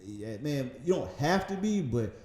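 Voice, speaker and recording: A man in his thirties with a light Southern accent, a podcast guest talking in a relaxed, rambling way, often laughing and saying "man". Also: medium pitch, moderate pace, roomy sound. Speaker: magazine founder, podcast guest. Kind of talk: casual interview conversation. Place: podcast studio.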